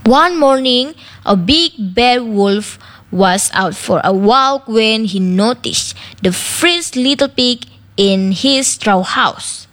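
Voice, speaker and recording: A woman reading a children's story aloud in slow, careful storybook narration. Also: a little high, lively intonation, a bit bright.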